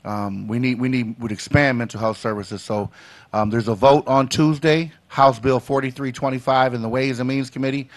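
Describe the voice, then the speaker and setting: A man with a middle-pitched voice makes an earnest case on a talk show. He stumbles and repeats words as he pushes his point forward, sounding like a working politician. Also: fairly even intonation, moderate pace. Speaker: state representative.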